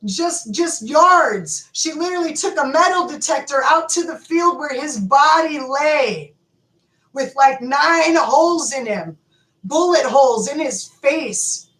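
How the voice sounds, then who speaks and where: A woman's voice: high-pitched, expressive, slow pace, fairly bright tone, roomy sound, poor audio. A woman in an impassioned, profane rant, repeating her words for emphasis as she calls for justice. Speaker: advocate calling for justice. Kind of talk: impassioned direct-to-camera rant.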